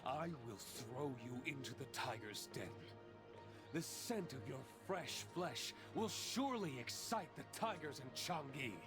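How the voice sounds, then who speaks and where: A man's voice: medium pitch, lively intonation, unhurried, natural voice. An actor playing a stern male official who threatens a prisoner in a game. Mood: threatening. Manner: commanding, threatening. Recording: game voice over very loud music.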